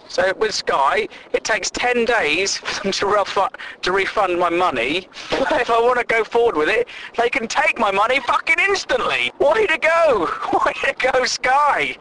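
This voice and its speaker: A man's voice: sits high, bright, forceful tone, a little hiss or hum, low-quality recording. A young man delivering a sweary, sarcastic comic rant full of exasperation. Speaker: vlogger.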